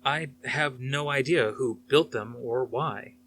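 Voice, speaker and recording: A man's voice: mid-range voice, slow, a bit bright, a little hiss or hum. A man reading aloud, voicing a combative male scholar who lectures with pointed sarcasm. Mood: defensive.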